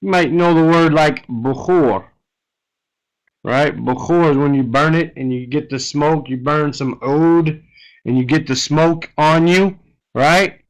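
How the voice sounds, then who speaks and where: This Arabic teacher has a fairly high voice and speaks a little slowly, heard through poor computer-mic audio in an online lesson. He takes a reading text word by word, patient and regularly checking in with "right?".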